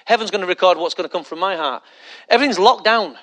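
A man's voice: sits high, fast talker, fairly bright tone. A male pastor preaching a conversational sermon full of rhetorical questions and mocking asides.

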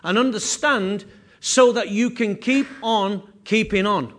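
A pastor delivering a sermon, his voice sitting high for a man. He preaches earnestly, repeating key phrases and restarting lines as he builds his point. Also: slow pace, fairly bright tone.

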